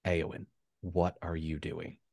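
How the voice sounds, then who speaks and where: A man running a tabletop game as game master with measured, descriptive narration. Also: deep voice, completely flat delivery, creaky, a little mellow, no echo, studio quality.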